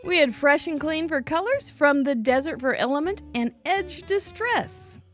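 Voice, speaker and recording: Chatty, high-voiced woman host. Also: animated, normal speed, soft background music. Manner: chatty, exclaiming, with frequent laughs. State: coughing, throat dry. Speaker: host of a cardmaking show. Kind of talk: casual live-stream chat showing viewer cards.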